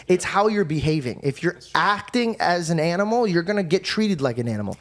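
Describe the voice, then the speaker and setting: Man, podcast host, slightly high voice, animated storyteller, casual chat. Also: fast talker, few pauses.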